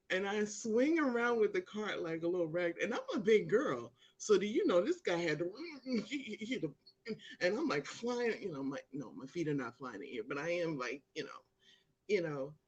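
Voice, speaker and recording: A woman with a husky voice hosts her own live chat show, talking casually and directly to viewers. Her pitch swings widely as she tells stories and mimics the people in them. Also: normal speed, muffled recording. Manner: animated storyteller, acts out quotes with big pitch jumps.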